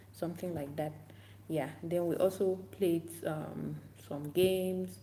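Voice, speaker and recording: Slow, mellow-voiced woman English teacher. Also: lowish voice, steady tone, a little hiss or hum. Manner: unhurried and repetitive, demonstrating classroom chants aloud. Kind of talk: casual talk-to-camera tips.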